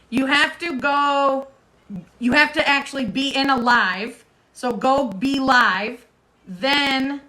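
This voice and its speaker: A woman's voice: high-pitched, bright, forceful tone, rough recording. Chatty woman hosting a livestream. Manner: chatty, talks to viewers in the comments. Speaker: host. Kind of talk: casual livestream chat.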